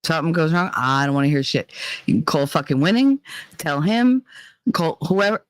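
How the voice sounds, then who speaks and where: A woman's voice: sits low, lively intonation, moderate pace, no room sound. A woman hosting a casual livestream chat, venting bluntly and swearing heavily as she talks. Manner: profane, heated and blunt. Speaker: livestream host.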